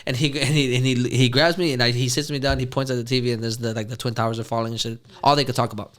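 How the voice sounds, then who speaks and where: Man, 30s, podcast host, casual swearing storyteller, bright, smooth. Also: mid-range voice, level tone, racing. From Houston, Texas. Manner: profane, laughing, loose storyteller.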